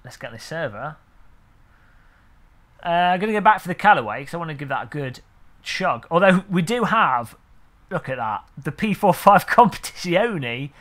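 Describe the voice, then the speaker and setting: A man's voice: on the high side, sing-song, normal speed, fairly bright tone. A man streaming a racing game, chatting and joking with his viewers while he sets up a server. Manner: chatty, jokey, talks to chat while setting up. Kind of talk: casual live-stream chat.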